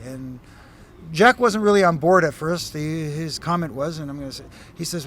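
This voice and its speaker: A middle-aged man from Canada talks in a fairly high voice. He tells his stories in a lively, rambling way, with lots of uhs and restarts, and a faint hum of a busy venue sits behind him. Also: normal speed. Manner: animated storyteller, frequent fillers and restarts. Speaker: former wrestling referee, guest. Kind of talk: casual interview chat.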